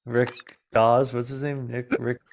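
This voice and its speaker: A man's voice: mid-range voice, flat delivery, unhurried, gravelly, darkish tone. Joking man on a chatty podcast. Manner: joking, sarcastic, swears casually. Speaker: podcast co-host. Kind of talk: casual chat.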